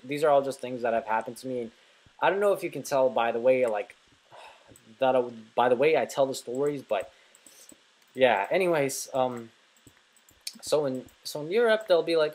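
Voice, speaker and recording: A young man from North America talks over his own gameplay in a loose, rambling way, drifting off into stories. His voice sits at an ordinary middle pitch, and he swears freely and leans on fillers as he goes. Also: lively intonation, moderate pace, a little mellow, rough recording. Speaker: let's play host.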